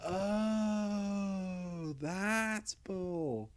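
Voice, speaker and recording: A man's voice: high-pitched, drawn-out words, voice pushed up. A man voicing a whiny, insecure king who pouts and pleads in a raised voice. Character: whiny insecure male king, petty, pouting.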